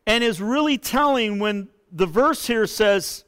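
High-voiced, unhurried male preacher. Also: clear, resonant tone. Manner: expressive preaching, rises to impassioned pleading. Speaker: pastor. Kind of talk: sermon.

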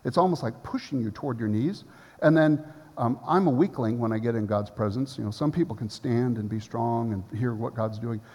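A man preaching in a husky, slightly breathy voice, his words trailing off into the long reverb of a church hall. He tells his story conversationally, then lowers to a quiet, intimate prayer. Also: brisk. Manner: storytelling, drops to a soft hushed prayer. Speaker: pastor. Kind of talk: sermon.

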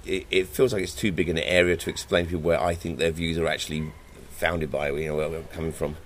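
A man's voice: extremely low pitch, level tone, quick pace, slight background noise. A man chatting casually and thoughtfully, often stumbling and repeating his words. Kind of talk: casual conversation.

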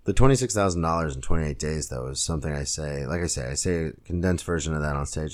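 A young man, a stand-up comic hosting his own podcast, telling a rambling story full of fillers, talking alone at home. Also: low-pitched. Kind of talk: casual solo podcast rant. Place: home room, girlfriend nearby.

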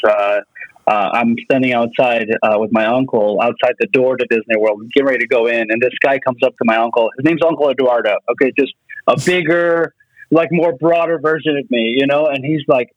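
A man's voice: mid-range voice, fairly even intonation, a little fast, no echo, lo-fi sound. A man who is a guest on a podcast, telling a funny story and acting out the quotes. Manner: laughing anecdote with acted-out quotes. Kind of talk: casual chat.

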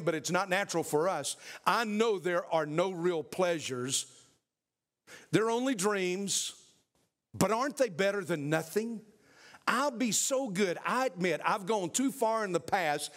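A man voicing a small male red lizard that mocks and pleads, coaxing in a raised voice. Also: a bit bright. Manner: pleading and coaxing, rising pitch.

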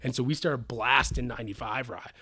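Brief: man, distillery founder, relaxed interview storyteller, animated and loose, swears casually, emotional streak. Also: mid-range voice, fairly quick, breathy edge.

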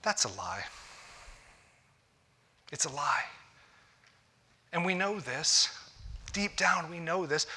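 A man's voice: on the high side, pushed and bright. A man, a pastor, preaching a conversational sermon to a congregation, often restarting his phrases.

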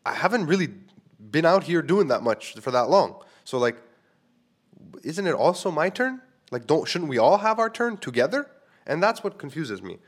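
A man's voice: on the high side, sing-song, normal speed. A man in his thirties from Quebec hosting a solo podcast, talking candidly and rambling with frequent fillers. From Quebec, Canada. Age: 30s. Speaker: podcast host.

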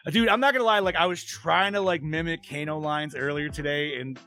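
A man's voice: on the high side, a little fast, sharp tone, faint music behind. A man hosting a casual horror movie review podcast, laughing often, swearing freely and losing his place while reading. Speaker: podcast host.

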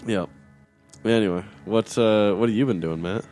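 A man's voice: on the low side, moderate pace, darkish tone, soft background music. A man co-hosting a casual chat, blunt and grumbling, swearing often. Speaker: podcast co-host.

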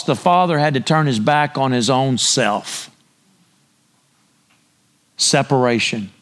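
A man's voice: fairly high pitch, fairly bright tone. A man preaching a sermon, speaking emphatically and posing rhetorical questions to the congregation. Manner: draws listeners in with repeated cues.

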